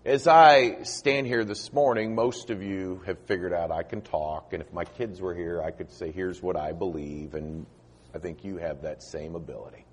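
Deep-voiced male preacher, slightly husky, preaching with long pauses and hushed line ends. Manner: dramatic pauses, voice dropping soft at line ends. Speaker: visiting preacher. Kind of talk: sermon and altar invitation. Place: church auditorium.

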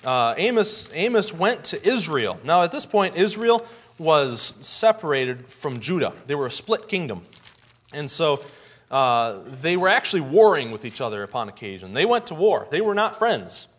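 Folksy male preacher, fairly high voice. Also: sing-song, normal speed, a bit bright, breathy edge. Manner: folksy storytelling, acts out scenes. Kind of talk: sermon.

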